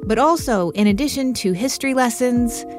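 A woman hosting a radio show, narrating from a script and interviewing a guest in a measured, curious way. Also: a little high, over music.

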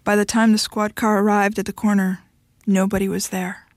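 A woman reading a short story aloud in a steady, even storytelling manner. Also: medium pitch, moderate pace, dry recording, clean studio sound. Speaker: narrator.

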